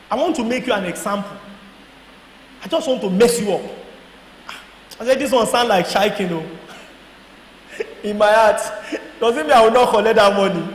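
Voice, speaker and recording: High-voiced animated Nigerian man in echoey hall. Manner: storytelling, acts out dialogue, laughs and shouts. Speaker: guest speaker. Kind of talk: animated testimony talk. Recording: echoey hall with faint noise.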